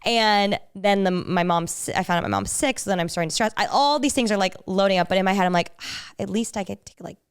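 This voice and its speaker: A woman's voice: mid-range voice, fast talker, hardly any pauses. A young woman co-hosting a podcast, chatting casually and acting out quotes as she tells a story. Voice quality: smooth, animated storytelling with acted-out quotes. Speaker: podcast co-host. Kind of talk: casual chat.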